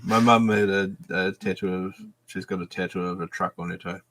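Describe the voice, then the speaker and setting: A man hosting a livestream panel chat, answering silly questions with deadpan, absurd jokes. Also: sits low, fairly quick.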